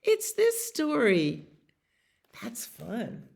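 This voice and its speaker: A woman librarian reads a bedtime picture book aloud at an unhurried pace. Her voice swoops up and down expressively, and she pauses for friendly, chatty asides to young listeners. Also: fairly high pitch, huge pitch swings, creaky, darkish tone. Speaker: children's librarian. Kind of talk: bedtime story read-aloud.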